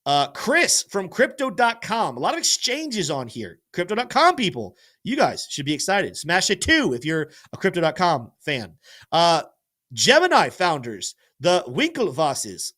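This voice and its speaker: Energetic guy hosting a crypto livestream, kinda high voice, talks to chat a lot. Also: moderate pace. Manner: energetic, talks to chat, stumbles over names. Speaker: crypto show host. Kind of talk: live-stream market commentary.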